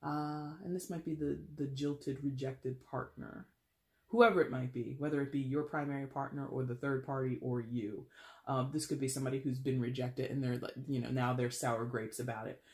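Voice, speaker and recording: This man reads tarot casually in a mid-range voice that's steady and a touch dark, at normal speed. He talks in a blunt, wry, chatty manner full of fillers, his voice echoing around the room.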